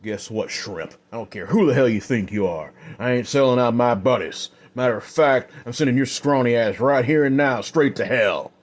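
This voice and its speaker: A man voicing a brash drunk outlaw in pain, in a strained, raised voice pitched above his own, in an audio story. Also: normal speed, hardly any pauses, natural voice. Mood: defiant. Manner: strained, shouting, defiant.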